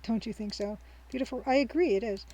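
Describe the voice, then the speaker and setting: A woman streamer gives chatty, rambling let's-play commentary, thinking aloud with frequent ums and laughing easily and cheerfully. Her voice is a little high, fast, and warm, though the recording quality is low.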